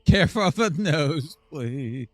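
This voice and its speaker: A man's voice: fairly high pitch, expressive, a little slow, dry recording. A man hosting a live game stream, chatting casually and teasing his viewers in a playful way. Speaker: live-stream gamer host.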